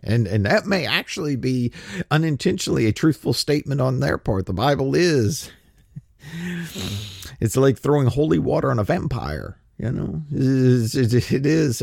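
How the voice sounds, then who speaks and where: Gravelly man in sarcastic commentary. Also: medium pitch, darkish tone, dry recording, studio quality. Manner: sarcastic, rhetorical questions, frequent restarts. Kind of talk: casual political commentary chat.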